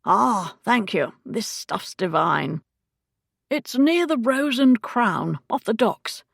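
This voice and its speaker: A woman's voice: on the high side, expressive, takes it slowly, vocal fry, husky, no room sound, clean studio sound, pitched above the performer's own voice, heavily acted. Woman voicing a chatty elderly man. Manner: chatty and eager. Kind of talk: audiobook character voice.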